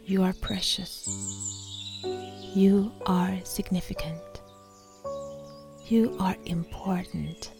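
A woman voicing a soft, tender Jesus. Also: mid-range voice, fairly even intonation, creaky, music in the background. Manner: soft, tender, slow and reassuring, partly whispered. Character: gentle loving male Jesus speaking to the listener. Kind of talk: guided meditation.

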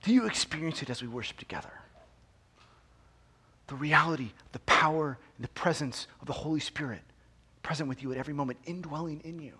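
A male pastor with a high voice preaches a sermon. He moves between soft, almost whispered lines and loud, ringing proclamation. He often repeats a phrase and asks his listeners rhetorical questions. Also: brisk, husky. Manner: swings from hushed near-whispers to loud, emphatic proclamation.

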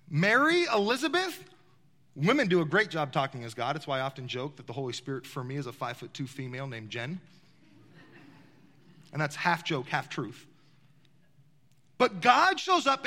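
A man's voice: sits high, sharp tone. A man preaching a sermon to his congregation in a large church, asking them rhetorical questions as he speaks. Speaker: pastor. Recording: long hall reverb.

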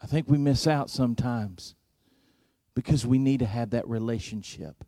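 A man preaching a sermon, telling a story slowly and deliberately, his volume rising and falling for effect. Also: mid-range voice, mellow, no room sound, clean studio sound. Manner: slow, deliberate preaching with dramatic swings in volume.

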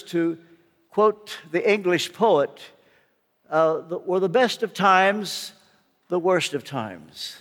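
An older man delivers an earnest, emphatic sermon. He speaks slowly, leaving room between his phrases, and his voice sits high for a man. A long reverb from a large hall hangs after each line. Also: a bit bright. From United States. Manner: earnest personal testimony, slow and emphatic. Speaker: guest preacher.

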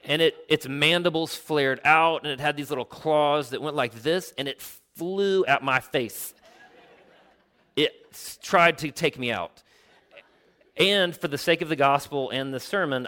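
A man preaching a sermon, telling stories with animation, explaining the original Greek, and dropping to a quiet, slow voice for emphasis. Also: fairly high pitch. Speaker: pastor.

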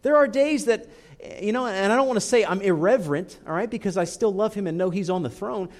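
A man's voice: sits high, lively intonation, brisk, a little mellow. Man preaching with a wide dynamic range. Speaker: pastor. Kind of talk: sermon.

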